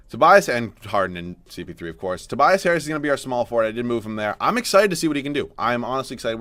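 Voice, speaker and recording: A man's voice: mid-range voice, fairly bright tone, dry recording. Young male gaming YouTuber, mid-range voice, dry close mic, grumbles at losses then talks himself upbeat. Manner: frustrated and self-mocking, swinging to forced cheer. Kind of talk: game commentary.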